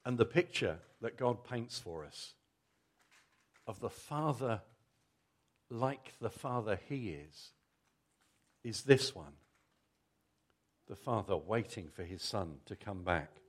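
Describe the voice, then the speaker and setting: A man's voice: lowish voice, lively intonation, slow, pauses often, breathy edge. A middle-aged man preaching a Father's Day family sermon, telling a story vividly and coaxing children to act it out.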